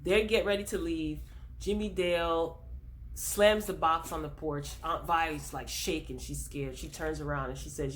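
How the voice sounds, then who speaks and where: Woman vlogger, lowish voice, chatty recap host who speaks directly to viewers. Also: fairly even intonation, normal speed, a little hiss or hum. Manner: chatty, retells scenes with many fillers. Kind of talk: casual episode recap.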